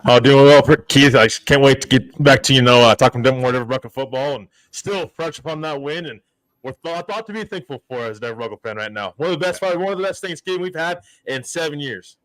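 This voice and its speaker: A man's voice: mid-range voice, fast, a bit bright, no echo, poor audio. A man on a fan sports stream panel, talking eagerly about a recent win. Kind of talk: casual live-stream sports chat.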